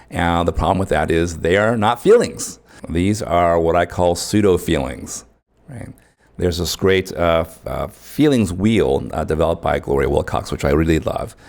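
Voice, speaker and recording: A man's voice: sits low, creaky. A man teaching an online course in a conversational way, often checking in with his listeners. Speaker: course instructor.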